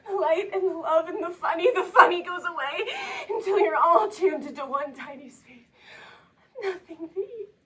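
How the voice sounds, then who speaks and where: A young woman playing a haunted, pleading character in a theatrical stage monologue, her voice breaking into tears and shouts. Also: very high voice, normal speed. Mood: bitter anguish. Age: young adult. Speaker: stage actor. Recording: distant live stage recording.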